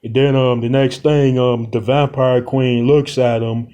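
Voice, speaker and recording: Young guy recapping a movie scene, laid back and rambling, average pitch. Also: flat delivery, mellow. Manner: rambling and slangy, many pauses. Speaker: storyteller. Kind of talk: casual retelling of a short film plot.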